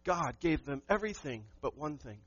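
Emphatic preaching man, fairly high voice. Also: lively intonation, moderate pace, a bit bright, slightly rough, dry recording, highs cut off. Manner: emphatic, rhetorical questions to the congregation. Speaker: pastor. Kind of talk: sermon.

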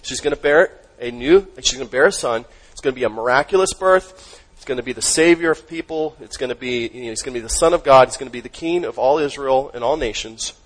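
A man preaching a sermon as pastor, emphatic, asking the congregation questions and dropping his voice low on key words. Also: fast talker, hardly any pauses, low-quality recording.

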